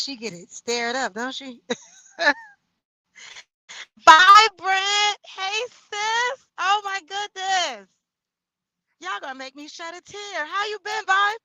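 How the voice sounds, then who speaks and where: A woman's voice: high-pitched, dry recording, low-quality recording. A woman hosting her own livestream, talking loosely and expressively with slangy asides to her viewers. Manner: loud, expressive, slangy, talks straight to viewers. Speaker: livestream host. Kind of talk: casual livestream chat reading comments.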